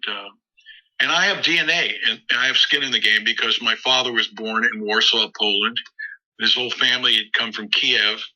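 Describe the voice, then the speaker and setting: A man with a very bright, forward voice tells stories in a rambling way, restarting his phrases often. He speaks as a musician guest in a casual interview. The sound is slightly dull and lo-fi. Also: mid-range voice. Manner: rambling anecdotal, frequent restarts and acted quotes. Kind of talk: interview storytelling.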